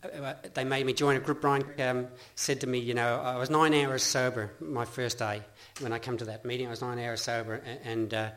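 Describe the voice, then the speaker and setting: A man's voice: mid-range voice, steady tone, normal speed, few pauses, fairly bright tone. Earnest Australian man sharing his story. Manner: earnest, rambling, with frequent restarts and laughs. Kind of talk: personal testimony talk.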